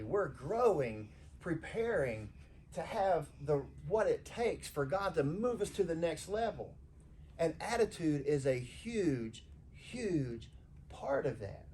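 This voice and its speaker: A man's voice: fairly high pitch, a little hiss or hum. A man, preaching an informal, conversational sermon in church and acting out the people he quotes. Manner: animated, conversational, acts out quoted voices. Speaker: pastor. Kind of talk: informal sermon to a small congregation.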